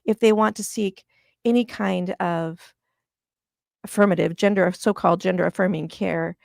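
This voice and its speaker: Middle-aged woman from Washington State, gravelly voice, dry close mic, earnest guest telling her story. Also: on the low side, steady tone, moderate pace, darkish tone, no echo. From Washington State, USA. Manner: earnest and impassioned, voice catching with emotion. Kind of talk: interview.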